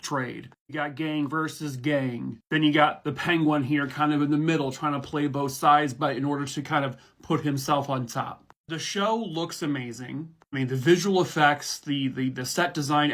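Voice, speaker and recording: A man talking casually about shows he loves, with a somewhat high voice. He rambles, restarts and swears freely, full of enthusiasm. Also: a bit bright. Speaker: online reviewer. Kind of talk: casual review chat.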